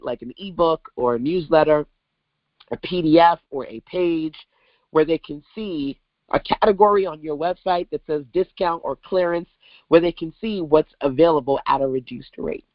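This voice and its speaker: A woman from Brooklyn hosting an online business workshop, coaching with animated, emphatic rhetorical questions over a video call mic. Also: low-pitched, moderate pace, no room sound, highs cut off. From Brooklyn, New York.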